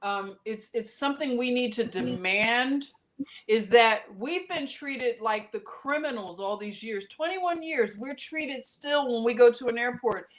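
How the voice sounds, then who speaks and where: A woman guest on a podcast, telling a story with passion and bursting out loudly at times, in quick runs full of restarts. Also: fairly high pitch. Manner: impassioned, animated storytelling with sudden loud outbursts; talks in quick runs with many restarts and fillers. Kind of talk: casual podcast conversation.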